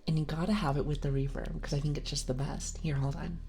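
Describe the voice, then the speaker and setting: A young woman with a low, soft voice rambles and giggles through a whispered ASMR stream on a close mic. She drifts between breathy whispers and quiet speech. Faint music plays underneath. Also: steady tone, fast. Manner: chatty, giggly, rambling, greets viewers. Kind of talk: whispered ASMR livestream chat.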